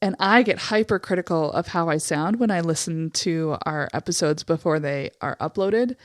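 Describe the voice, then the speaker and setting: A young adult woman from Montana with vocal fry and a slightly raspy voice, co-hosting a podcast in candid casual chat full of "like" fillers. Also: sits low, moderate pace, no room sound, studio quality. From Eastern Montana, USA. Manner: candid, frequent "like" fillers, swears freely. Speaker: podcast co-host.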